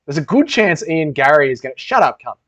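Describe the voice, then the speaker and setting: A man's voice: a little high, big pitch swings, fairly quick, a bit bright. A young man hosting a casual livestream Q&A, reading chat aloud and bantering crudely with heavy swearing. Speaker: livestream host. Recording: dull lo-fi stream audio.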